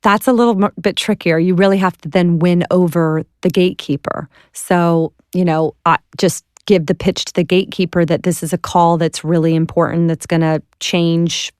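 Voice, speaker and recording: A middle-aged woman telling stories as an interview guest, animated and laughing as she acts out the people in them. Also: fairly low pitch, moderate pace, few pauses, clean tone, no room sound, studio quality. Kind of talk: animated storytelling.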